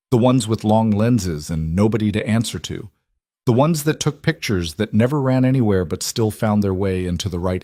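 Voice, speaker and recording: Low-voiced male story narrator. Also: darkish tone, dry recording, studio quality.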